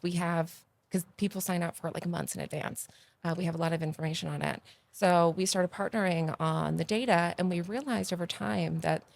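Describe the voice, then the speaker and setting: Gravelly-voiced woman telling lively stories. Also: fairly low pitch. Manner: animated, gets loud and excited retelling stories. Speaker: podcast guest, agency founder. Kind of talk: casual interview storytelling.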